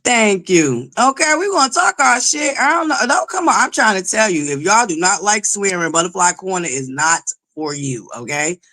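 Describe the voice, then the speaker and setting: Loud, foul-mouthed woman livestream host. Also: mid-range voice, sing-song, moderate pace, hardly any pauses. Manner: loud, belligerent, swears constantly; greets and thanks viewers, pushes for likes. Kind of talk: profane live-chat commentary.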